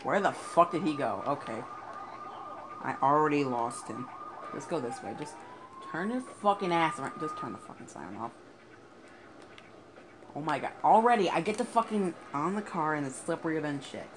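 A man's voice: a little high, animated, moderate pace, long pauses. A man playing through a video game and commenting, often frustrated and swearing at it. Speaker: gamer. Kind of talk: let's play commentary. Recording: noisy game audio with sirens. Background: police sirens and game sounds.

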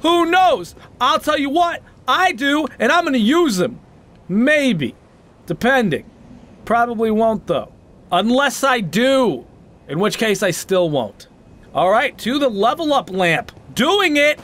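High-pitched guy doing let's play commentary, bouncy voice all over the place, roasting himself and yelling at bosses. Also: unhurried. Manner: excitable, self-mocking trash talk with sudden shouts. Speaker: gaming channel host.

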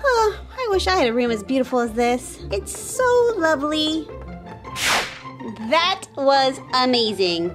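A woman plays giddy, excitable cartoon kids in a children's toy show. The voices are very high and bounce lively up and down, over cheerful kids' music. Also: a little slow. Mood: excited. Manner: giddy, exclaiming.

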